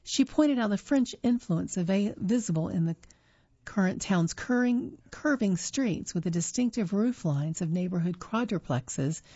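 This woman's voice is lowish and mellow with a breathy edge, and there's no echo, though the recording is dull and lo-fi. She reads magazine articles aloud roughly, stopping to correct herself and filling pauses as she goes.

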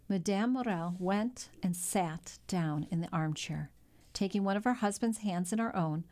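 A woman narrating a classic novel in a measured, even storytelling delivery. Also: lowish voice. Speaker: audiobook narrator. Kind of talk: scripted narration.

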